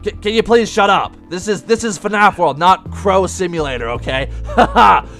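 A man's voice: sits high, moderate pace, soft background music. A man voicing a brash male animatronic pirate fox, playing a game in pirate talk and losing his temper. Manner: pirate talk, hot-tempered, loud outbursts. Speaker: let's play gamer in character.

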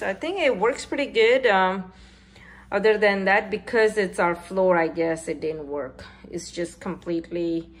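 Her fairly low, creaky voice carries a rambling, halting narration full of fillers as this middle-aged home vlogger works on a repair. The effort of pulling has left her out of breath.

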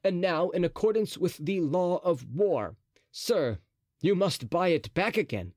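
A man's voice: high voice, lively intonation, measured pace, a little mellow, no echo, clean studio sound, voice pushed up. A man voicing a bold, mocking young Gascon swordsman in an audiobook, speaking with teasing courtesy.

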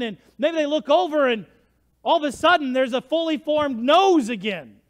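A man preaching a sermon as pastor, telling the story with swings from hushed to shouting. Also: very high voice, animated, moderate pace. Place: church sanctuary. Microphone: livestream church mic.

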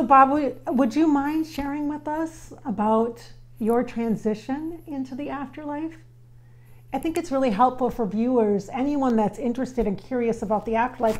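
A woman's voice: on the high side, darkish tone. A woman working as a spiritual medium, relaying a spirit's words in an earnest, casual way and repeating phrases for emphasis while she talks to her viewers. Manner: relays spirit's words in quotes, speaks to viewers as "you guys". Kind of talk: casual channeling session addressed to viewers.

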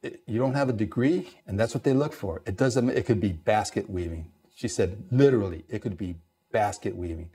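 Speaking briskly in a lowish register, a middle-aged Navy vet from East Los Angeles shares casual stories. His delivery is lively, packed with fillers, and he imitates the voices of whoever he's quoting.

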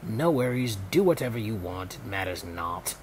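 A man voicing an aloof, dismissive male Pharaoh in a put-on British accent, dropping much lower and quieter than his own voice. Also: sing-song, moderate pace, slight background noise. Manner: dismissive, drawling. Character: haughty, indifferent male Pharaoh, royal and aloof.

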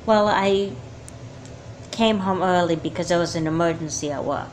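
A woman voicing a gentle mother who talks to her daughters in a calm, steady way. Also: fairly low pitch, moderate pace, a little hiss or hum, close to an everyday voice, rough recording. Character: gentle mother of two girls.

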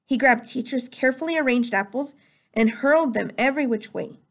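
A woman teacher reads a novel chapter aloud at a steady storytelling pace. Her voice sits somewhat high with a noticeable gravelly fry. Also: fairly quick.

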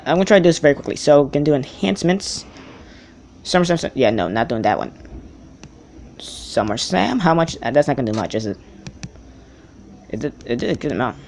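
A young man with a slightly high voice talks through a mobile card game in a loose, rambling way, stopping often to correct himself. He perks up whenever a good card comes out. It is recorded through a tablet's built-in mic, with faint hiss underneath. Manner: rambling, self-correcting, excitable over card pulls. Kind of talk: casual gameplay commentary.

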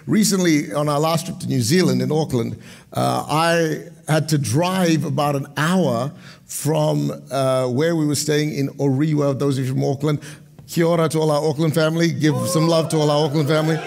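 High-voiced man preaching a lively sermon. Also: normal speed, creaky. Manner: dynamic preaching, swings from loud proclamations to low storytelling asides. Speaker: pastor.

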